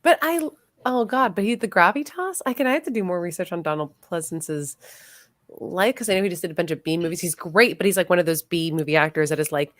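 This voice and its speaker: A woman co-hosting a casual movie podcast, talking in lively bursts that trail off into fillers. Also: on the low side, fast talker, dry recording, clean studio sound. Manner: lively, laughs often, trails off mid-thought. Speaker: podcast co-host.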